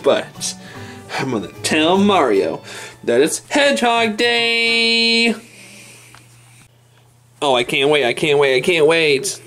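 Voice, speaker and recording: A man's voice: on the high side, very animated, takes it slowly, long pauses, pushed and bright, faint music behind, full character voice. A man voicing a brash, lazy cartoon hedgehog who brags and talks in slang. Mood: smug. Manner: slangy, boastful, dismissive. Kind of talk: toy stop-motion fan skit voice.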